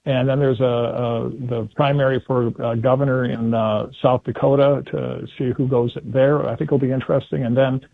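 A man discusses politics over a phone line that sounds tinny and thin. His voice is husky and dry. He talks in an animated way and slips into put-on voices for quotes. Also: medium pitch, moderate pace, few pauses, no room sound. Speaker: political commentator guest. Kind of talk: casual political talk on radio. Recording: phone-line call-in audio.

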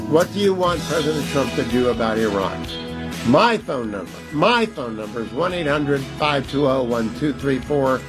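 A man hosting a talk radio show, making emphatic, preachy appeals to listeners in a husky voice. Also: medium pitch.

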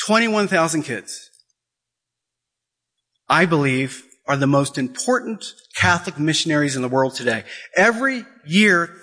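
Emphatic man giving a bright, forceful talk. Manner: emphatic, rising to high pitch in bursts, repeats phrases; acts out quoted voices. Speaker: Catholic speaker. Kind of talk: impassioned sermon talk.

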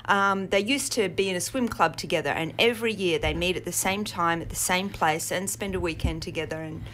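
An Australian woman talks about directing a play as a radio guest, chatty and enthusiastic. Her voice sits a little low, and there is a light hiss of background noise. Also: fairly quick, fairly bright tone. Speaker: theatre director. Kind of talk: casual radio interview guest.

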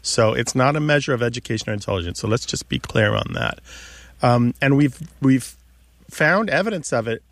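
A man's voice: mid-range voice, lively intonation, fairly quick, fairly bright tone, dry recording. A man co-hosting a radio talk show, patiently explaining how words are used. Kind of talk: casual explanatory radio chat. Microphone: studio microphone.

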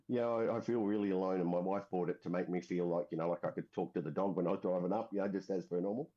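Australian man, veteran guest, low pitch, mellow tone, rambling with fillers, muffled lo-fi sound. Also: steady tone, racing, few pauses. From Western Australia. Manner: rambling, frequent fillers and restarts. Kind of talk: casual interview storytelling. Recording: dull lo-fi audio.

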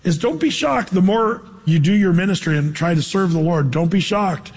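A man preaching a sermon, animated, acting out quoted people in high, playful voices. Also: normal speed, slightly rough, big-room sound. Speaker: pastor.

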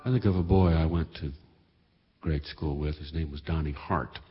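A man telling a reflective story in a slow, measured, understated monologue. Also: rumbling low, fairly even intonation, breathy edge, soft background music. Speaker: radio storyteller. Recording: muffled recording with long reverb.

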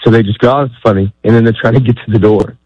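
A man's voice: medium pitch, level tone, rapid-fire, darkish tone, breathy edge, dry recording. A middle-aged man, a stand-up comedian, talking casually in an interview with rambling, self-deprecating asides. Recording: dull, dry studio sound.

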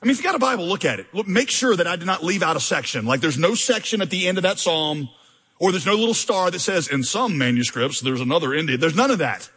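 A man preaching a conversational, animated sermon as pastor, mixing self-deprecating humor with intense scripture reading. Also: a little high, quick pace, slightly rough. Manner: reads scripture with rising intensity.

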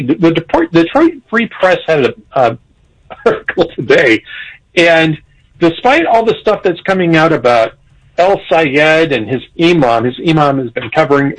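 A man discussing politics on a radio talk show, animated, chuckling, with frequent restarts. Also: a little high, low-quality recording. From Irish heritage. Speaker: political commentator.

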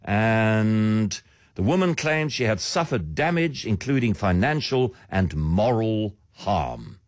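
A man's voice: fairly low pitch, big pitch swings, takes it slowly, no room sound. A man hosting a radio talk show, delivering a sardonic, theatrical monologue with a swooping delivery. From South Africa.

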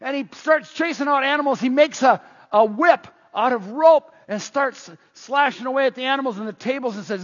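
Husky high-voiced male preacher. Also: moderate pace. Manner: animated storytelling, acts out scenes, frequent stammered restarts. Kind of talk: sermon. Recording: muffled, long hall reverb.

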